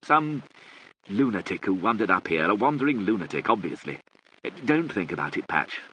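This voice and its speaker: A man's voice: on the low side, very animated, moderate pace, pushed and bright, dull audio, slight background noise, voice pushed up. Cast: man doing a flustered lordly father, pleading, prone to sudden outbursts. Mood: agitated. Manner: agitated, pleading, bursts of sudden violence. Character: aristocratic father, older man, harried and anxious.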